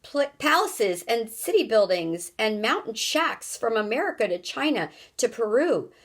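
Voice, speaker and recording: A woman teacher reading a children's novel aloud and explaining word sounds. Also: on the high side. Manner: slow, careful, explanatory.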